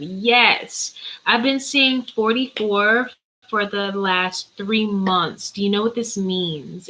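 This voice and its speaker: A woman's voice: medium pitch, sharp tone, slight background noise, poor audio. A woman, chatting casually on a livestream as a spiritual reader, answering viewers' questions in a playful, easily sidetracked way. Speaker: spiritual reader hosting a live Q&A.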